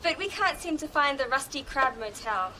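An actress playing a sweet, polite young Australian volleyball player, with an Australian accent, in a sitcom. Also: female voice, high voice, expressive, moderate pace, noisy background. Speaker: visiting beach volleyball player. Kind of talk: sitcom acting.

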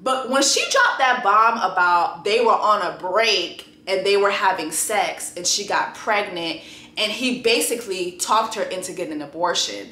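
A young woman hosting a casual review show, talking bluntly and profanely with sudden loud exclamations. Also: mid-range voice, moderate pace, roomy sound. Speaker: YouTube show host.

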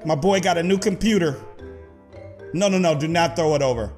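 A man's voice: a little high, a little fast, darkish tone, faint music behind. A young man hosting a casual reaction video, laughing often and talking to his viewers. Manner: laughs often, playful slang, addresses viewers as guys. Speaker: YouTube host reacting to clips.

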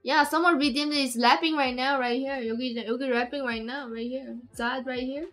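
A woman's voice: high-pitched, fairly even intonation, fast, a bit bright, faint music behind. A woman streamer, chatting casually and rambling with many restarts and giggles. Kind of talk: casual live-stream chat.

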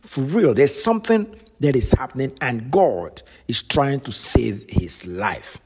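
A man's voice: medium pitch, very animated, normal speed, darkish tone, husky. A man, commenting earnestly and pleadingly to his viewers. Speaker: video commentator. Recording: reverberant room.

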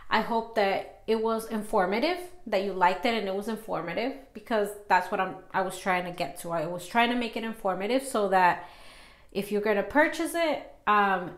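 A woman vlogger casually chatting while she tests a lapel microphone, giggling and filling pauses with loose fillers. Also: medium pitch, low-quality recording. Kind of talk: casual product-test vlog.

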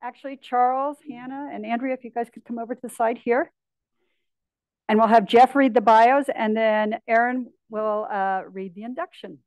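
A woman organizing a new member induction at a club meeting, brisk and joking as she directs people. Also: a little high, steady tone, darkish tone, no echo, low-quality recording.

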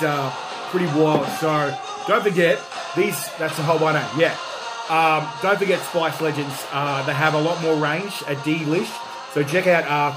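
Rowdy Australian man reviewing hot sauce. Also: fairly high pitch. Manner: loud, jokey, whoops and shouts. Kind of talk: energetic livestream review.

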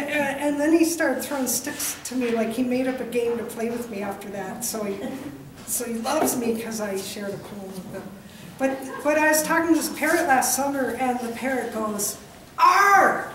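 A woman poet giving a reading in a gallery wine bar, reciting slowly and chatting loosely between poems. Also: fairly high pitch. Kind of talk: poetry reading with chatty asides. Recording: echoey room from far off with noise.

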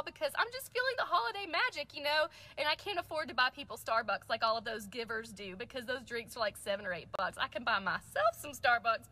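A woman's voice: sits high, sharp tone. A woman telling a casual personal story, giggly and close to laughing tears. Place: church.

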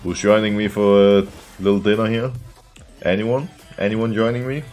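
Low-voiced man streaming a game. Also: normal speed, soft background music. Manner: excitable, laughing, talks to chat. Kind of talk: casual live game commentary.

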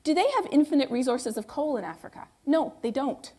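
A woman delivering a public lecture in a fairly high voice. She is conversational and emphatic, and she keeps posing rhetorical questions and then answering them herself. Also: lively intonation, brisk, a little mellow. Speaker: guest lecturer.

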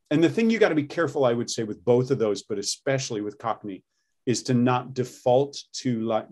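A man's voice: mid-range voice, expressive, moderate pace, a little mellow. Middle-aged man explaining accents. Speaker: accent coach. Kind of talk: casual interview.

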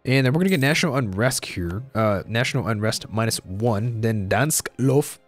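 A young man talks through his strategy game in a loose, thinking-aloud way, his pitch swinging up and down as he goes. He repeats himself and drops in casual slang. The sound is close and dry on a desk microphone, with faint music underneath. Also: lively intonation, moderate pace, dry recording. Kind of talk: casual let's-play commentary.

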